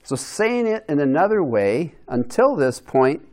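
A man's voice: a little high, sing-song, measured pace, a little mellow. A man giving a conversational Bible lesson to a group, asking them questions and restarting his sentences as he thinks aloud. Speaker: Bible teacher.

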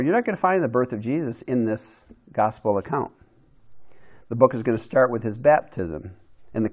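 Man teaching a casual Bible lesson. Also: medium pitch. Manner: conversational, with restarts and questions to the group.

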